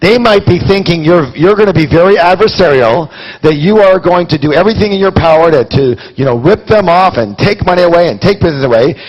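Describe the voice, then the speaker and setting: A man's voice: a little high, animated, a little fast, in a large hall, highs cut off. A man giving a live motivational seminar, quizzing his audience with rhetorical questions. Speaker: seminar speaker.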